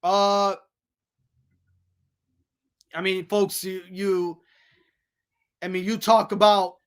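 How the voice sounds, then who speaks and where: A man hosting a solo sports podcast, excitable and full of restarts, calling the audience "folks" and "ladies and gentlemen" as he runs through scores and picks. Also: high-pitched, very slow, clean tone.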